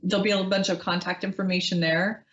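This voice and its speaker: Gentle psychic radio host woman. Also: mid-range voice, flat delivery, fast talker, highs cut off. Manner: gentle, reassuring, many ums. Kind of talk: live call-in psychic reading.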